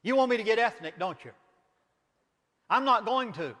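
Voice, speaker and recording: A man's voice: sits high, expressive, normal speed, pushed and bright, big-room sound. A man with a Southern US accent, a minister giving an impassioned lecture in an emphatic, preacherly manner, full of rhetorical questions.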